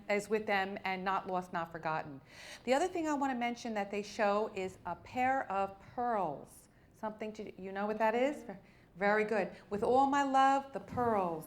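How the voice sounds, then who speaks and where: A woman working as a spirit medium, giving readings to an audience in a warm, coaxing way and calling people honey and sweetheart. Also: medium pitch.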